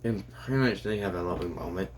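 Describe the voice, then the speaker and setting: A young man casually narrating an improvised fan story, rambling and halting with many fillers and restarts. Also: low voice, a little hiss or hum.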